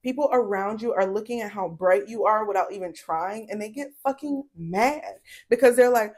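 A woman's voice: fairly high pitch, normal speed, darkish tone. Profane, emphatic woman reading tarot. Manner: blunt, profane, emphatic and preachy. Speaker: tarot reader. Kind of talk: casual tarot reading to camera.

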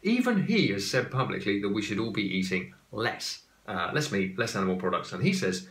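A man's voice: on the low side, very animated, brisk, fairly bright tone. Chatty English man, echoey room. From England. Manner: chatty, joking asides and digressions. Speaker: podcast host. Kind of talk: casual explainer talk.

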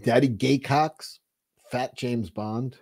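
A man's voice: mid-range voice, steady tone, slow pace, darkish tone. A man hosting a casual livestream, talking in a rambling, profane way with many restarts, and reading out viewer chat. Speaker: livestream host.

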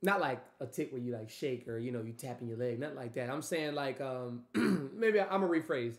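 A man giving loose, animated, profane reaction commentary, trailing off and restarting. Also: medium pitch, brisk. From Louisiana. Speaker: music reaction host. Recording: echoey room.

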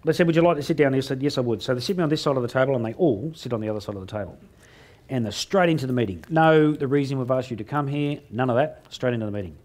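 On stage, a middle-aged Australian motivational speaker gives a humorous talk, racing through a story and acting out the dialogue in a self-mocking way. His voice is mid-range with a darkish tone.

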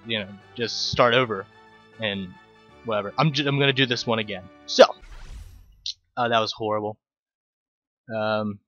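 A young man rambles through casual game commentary, mocking his own slips and swearing freely. His voice sits at an ordinary pitch. Faint game music plays under a dull, lo-fi recording. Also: fairly bright tone. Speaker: let's play commentator.

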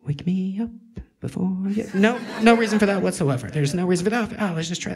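A man's voice: high-pitched, expressive, normal speed. A man doing a stand-up comedy routine on a club stage, rambling and self-mocking as he acts out his own inner voice.

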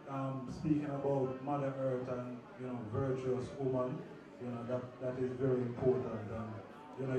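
A man judging a talent show, giving rambling, detailed feedback with many fillers. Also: medium pitch. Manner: rambling, many "you know"s. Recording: echoey hall, far from mic, crowd noise.

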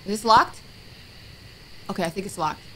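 A woman gaming streamer plays a horror game in a let's-play, reading on-screen text aloud, muttering item names and letting out jumpy, frightened exclamations. She speaks at medium pitch and normal speed over background noise.

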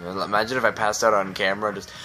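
A sleep-deprived young man talks close to his webcam in a low, loose voice, hyper and rambling. He is goofy and scattered. Music plays clearly under his talk. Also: flat delivery, fast, sharp tone. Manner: rambling and goofy, hyper, jumps between silly voices and mock poetry. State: exhausted from lack of sleep. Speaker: gaming YouTuber. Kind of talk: rambling casual vlog talk. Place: indoors at home, at night into dawn. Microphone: webcam close to the face. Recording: music playing behind.

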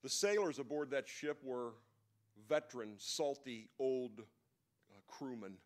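A man's voice: mid-range voice, takes it slowly. Man preaching in a conversational storytelling style. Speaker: speaker at a men's breakfast. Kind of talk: sermon.

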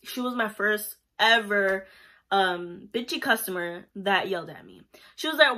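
A woman's voice: medium pitch, animated, unhurried, sharp tone. A young woman talking casually about her job as a pharmacy technician, chatty and rambling with lots of fillers. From Puerto Rico. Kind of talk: casual vlog storytelling.

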